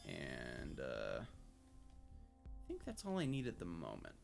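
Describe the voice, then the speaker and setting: A young man streaming a video game live, thinking out loud, getting excited and swearing freely as he plays. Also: extremely low pitch, slow pace, gravelly. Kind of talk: live gameplay commentary. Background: game music.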